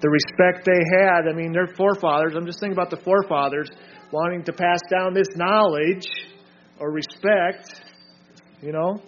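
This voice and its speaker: A man's voice: high-pitched, fairly even intonation, normal speed, soft background music. A man leading a group Bible study, reading scripture aloud and drilling his listeners with short emphatic remarks. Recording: dull lo-fi recording.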